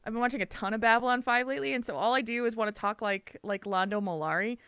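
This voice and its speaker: A woman's voice: fairly high pitch, quick pace, a bit bright, smooth, dry recording, studio quality. A woman hosting a podcast in casual chat, bubbly and laughing often. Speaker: podcast host.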